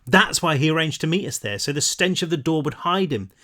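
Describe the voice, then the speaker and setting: A fierce teenage girl, bitter and quick to snap, pitched higher than the reader's own voice, as a man reads her lines. She is a storybook heroine with a hot temper. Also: expressive, sharp tone. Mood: self-blaming. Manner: snapping, bitter.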